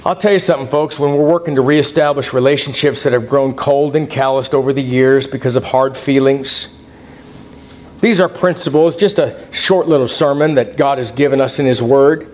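A man's voice: medium pitch, normal speed, darkish tone. A male preacher giving a conversational sermon in church, addressing the congregation as folks and reading scripture aloud. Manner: folksy, conversational, quotes scripture in King James wording.

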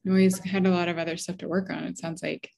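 A woman's voice: on the low side, level tone, fast talker, creaky, a little mellow. A woman co-hosting a casual podcast chat, giving short supportive replies and jokes. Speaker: podcast co-host.

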